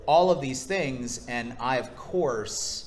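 A man's voice: medium pitch, takes it slowly, slight background noise. A man, a voice actor, telling stories at a convention panel and slipping into impressions. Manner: animated storyteller, slips into impressions. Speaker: voice actor guest.

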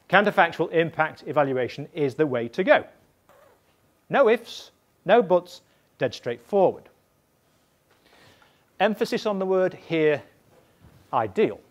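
A man, an evaluation expert, explaining methods to practitioners in a deliberate, emphatic way, often checking in with his listeners. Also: a little high. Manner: emphatic, repeats points and checks in with "yeah?".

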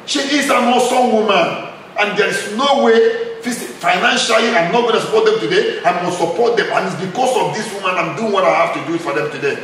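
A man's voice: sits high, a little fast, fairly bright tone. A man with a Nigerian accent, a charity founder interviewing a couple at his home, speaking in a fervent, preacher-like way with repeated emphatic lines. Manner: fervent, repetitive, rising to emphatic outbursts. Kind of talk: impassioned preacher-like address. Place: his own house. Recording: very echoey room, mic far off, faint noise.

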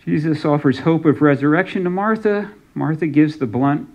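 A man's voice: on the high side, normal speed, hardly any pauses, a little mellow, dull audio. A man preaching a sermon as pastor, reading scripture aloud and giving some lines dramatic emphasis.

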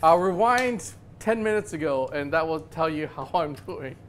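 Easygoing man with a slightly high voice. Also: expressive, slight background noise. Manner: easygoing, self-deprecating, quick to joke. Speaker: channel host and opponent player. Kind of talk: casual play-by-play of a tabletop wargame.

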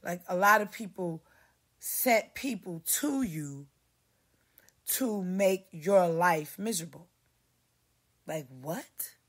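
A woman's voice: lowish voice, slow, long pauses. A woman hosting a podcast, ranting in a rambling, profane monologue and mimicking other people in a raised voice. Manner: heavy cursing, animated, mimics others in raised voice. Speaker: podcast host.

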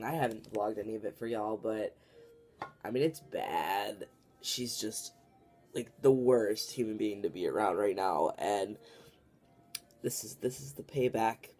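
Young guy vlogging, rambly and venting, lots of "like", noisy background hiss. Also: medium pitch. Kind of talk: casual vlog to camera. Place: home, then out and about.

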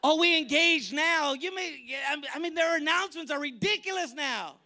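High-pitched man preaching with fire. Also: moderate pace. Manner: shouting, preaching with casual street slang. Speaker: pastor. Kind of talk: energetic sermon. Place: church service.

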